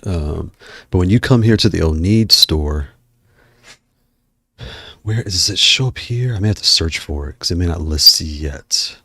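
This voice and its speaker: A man's voice: low voice, pushed and bright, husky, no echo, clean studio sound. A man hosting a casual livestream, out of breath and chatting in a rambling way while he browses. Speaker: livestream host.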